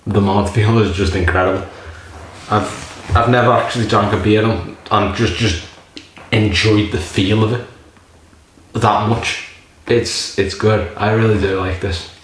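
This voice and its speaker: A man's voice: lowish voice, fairly even intonation, unhurried, pauses often, a little hiss or hum. A man casually reviewing a beer in a rambling, jokey way, swearing often. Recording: very echoey room.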